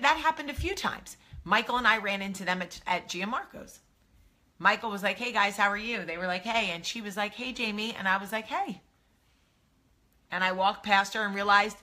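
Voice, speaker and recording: A bright, clear-toned woman in her thirties hosts a casual live stream, speaking candidly and animatedly into a phone or webcam. Her pitch sits in an ordinary middle range. She talks frankly, like she is sharing personal advice with friends. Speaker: host of a live video show. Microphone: phone or webcam, live video.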